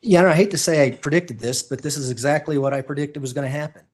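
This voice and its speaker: A man's voice: fairly high pitch, fast, darkish tone. Insistent male prosecutor cross-examining. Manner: pressing, insistent questioning. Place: courtroom.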